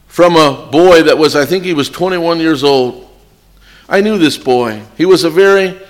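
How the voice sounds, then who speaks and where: A man with a high-pitched voice preaches to an evening congregation in a church hall. He sounds earnest and pleading, stopping and restarting his phrases. A long hall reverb trails each line. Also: a bit bright. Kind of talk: sermon.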